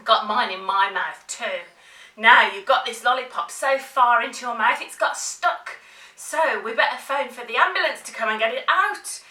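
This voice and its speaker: A woman leading a child through a playful drama warm-up, coaxing and encouraging. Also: a little high, normal speed, distant mic. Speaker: drama teacher. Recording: roomy, from off the mic.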